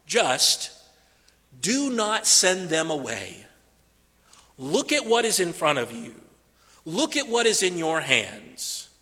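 A man preaching a sermon, deliberate and repeating phrases for emphasis. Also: sits high, very animated, sharp tone, big-room sound.

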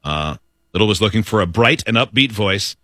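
A man's voice: lowish voice, animated, a little fast, pushed and bright, dry recording, studio quality. A man hosting a casual morning radio show, reading news items aloud and joking with his co-hosts. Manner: reads news aloud with jokes and laughter.

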